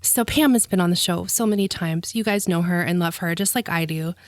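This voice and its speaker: Warm-hearted woman host, effusive and teary, dry close mic. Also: lowish voice, fairly quick, no echo. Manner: gushing, emotional, laughs often. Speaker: podcast host. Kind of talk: heartfelt interview.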